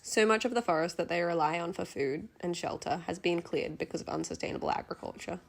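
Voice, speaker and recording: A woman narrating a travel vlog as a scripted voice-over, in a gentle, earnest, diary-like way. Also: lowish voice, fast talker, vocal fry.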